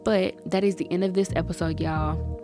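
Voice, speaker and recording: A woman's voice: lowish voice, fairly even intonation, normal speed, over music. Earnest young woman hosting a podcast. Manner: earnest, encouraging, addresses listeners as y'all. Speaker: podcast host. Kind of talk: casual solo podcast talk.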